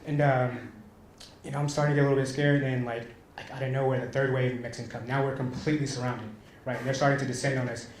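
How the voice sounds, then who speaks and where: A man's voice: mid-range voice, level tone, fast talker. A man performing a stand-up comedy set, telling a story and often laughing at his own jokes. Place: small comedy venue stage. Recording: echoey room with faint noise.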